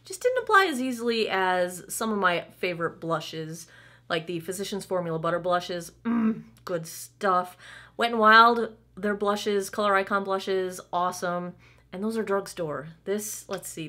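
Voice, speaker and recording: A woman's voice: medium pitch, animated, unhurried, pushed and bright. Chatty woman beauty vlogger. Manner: chatty, candid, playful asides. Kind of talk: casual makeup try-on chat.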